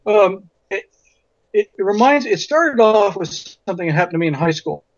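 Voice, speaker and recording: Male interview guest, high voice, emphatic and anecdotal, muffled lo-fi sound. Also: expressive, normal speed, no room sound. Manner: emphatic storyteller who repeats words for stress. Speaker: physician and guest. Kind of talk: interview conversation. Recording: dull lo-fi audio.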